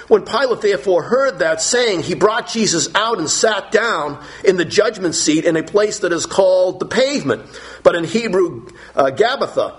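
A man's voice: high-pitched, lively intonation, moderate pace, a bit bright. A man preaching an expository sermon, reading scripture aloud and acting out the speakers' lines dramatically.

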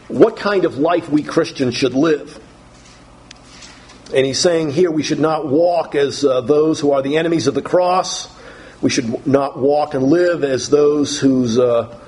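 A man preaching a sermon in the style of Bible teaching. He reads scripture slowly, then explains it in plain words, and his voice rises on the quoted verses. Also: fairly high pitch, darkish tone, poor audio.

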